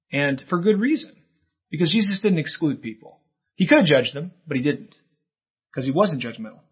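Husky-voiced man preaching a sermon. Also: fairly high pitch, highs cut off. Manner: earnest, emphatic preaching with rising bursts. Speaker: pastor.

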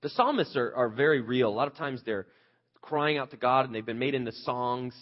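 A man's voice: mid-range voice, lively intonation, brisk, lo-fi sound. Earnest man preaching a conversational sermon. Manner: earnest, candid, asks the listeners rhetorical questions. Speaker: pastor.

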